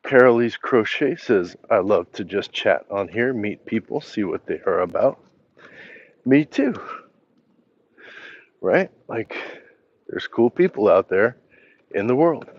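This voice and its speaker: A man hosting a casual livestream, reading viewers' comments aloud in an unhurried, easygoing way with pauses and fillers, holding his phone. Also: on the low side, animated, highs cut off. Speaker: livestream host. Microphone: handheld phone.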